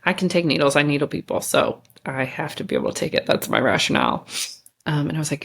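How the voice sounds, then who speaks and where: A woman's voice: deep voice, fairly quick, creaky. A woman hosting her own show, telling a candid, chatty story and swearing casually. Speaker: podcast host.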